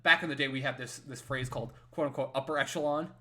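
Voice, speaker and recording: A man co-hosting a podcast, telling a story casually with lots of fillers and tag questions, growing loud and excited when he retells his wins. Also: mid-range voice, fast. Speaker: podcast co-host.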